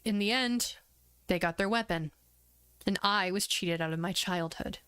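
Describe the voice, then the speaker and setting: A woman's voice: mid-range voice, normal speed, clean tone, no room sound. A woman streaming, chatting casually and retelling scenes with acted-out quotes and lots of fillers. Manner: animated retelling, acts out quoted lines, lots of "like". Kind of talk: casual chat.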